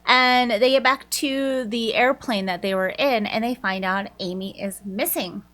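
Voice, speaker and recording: A woman's voice: fairly high pitch, measured pace, fairly bright tone. A woman giving a casual book review, retelling the plot in a loose, chatty way and slipping in quoted lines.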